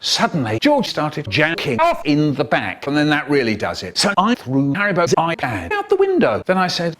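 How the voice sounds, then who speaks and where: Theatrical older male storyteller, lively pitch. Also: moderate pace, hardly any pauses. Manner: theatrical storyteller, swings between hushed asides and sudden bursts. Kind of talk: comic storytelling narration.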